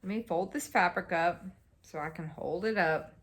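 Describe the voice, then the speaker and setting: A woman vlogger chatting casually about her stitching projects, rambling and excitable, tired and yawning at times. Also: lowish voice, normal speed. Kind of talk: casual show-and-tell chat.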